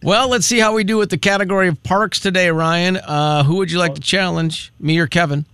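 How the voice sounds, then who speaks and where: A man's voice: high voice, brisk, fairly bright tone, clear, resonant tone, no echo. A man hosting a radio quiz segment, jokey and teasing with the other hosts and the contestant. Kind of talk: casual banter, running a quiz.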